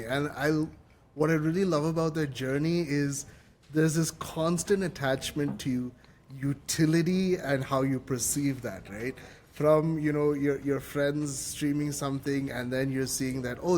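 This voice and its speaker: A man's voice: a little high, fairly even intonation, measured pace, darkish tone, a little hiss or hum. A man hosting a podcast interview, enthusiastically affirming his guest and ending points with a questioning "right?". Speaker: podcast host. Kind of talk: casual interview chat.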